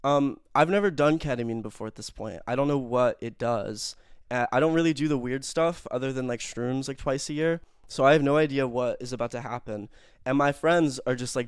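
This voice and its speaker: A man's voice: medium pitch, a little fast, clear, resonant tone, dry recording, clean studio sound. A young man telling a rambling, self-mocking story in casual chat, full of fillers and swearing.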